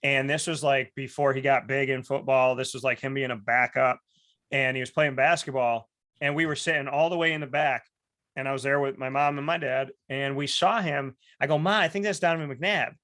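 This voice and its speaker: In clean studio audio with no room sound, a man hosting a casual talk show spins animated stories, voicing the people he quotes and restarting often. He speaks at medium pitch and a little fast.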